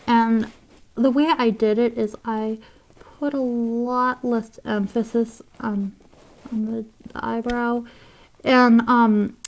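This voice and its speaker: Woman drawing tutor, slow and rambling, gravelly voice, casual talk. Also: fairly high pitch, level tone. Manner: rambling, with fillers and soft asides.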